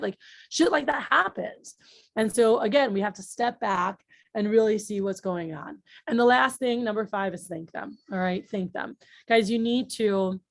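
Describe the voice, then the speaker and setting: This dry, studio-quality recording captures a woman at medium pitch giving an informal talk on leadership. Blunt and chatty, she swears openly, uses lots of filler words, and regularly throws in rhetorical checks with her listeners.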